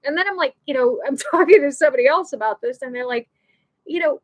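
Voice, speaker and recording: A woman's voice: sits high, quick pace, low-quality recording. A woman hosting a live show, telling an emotional personal story in a rambling way, full of restarts and "you know".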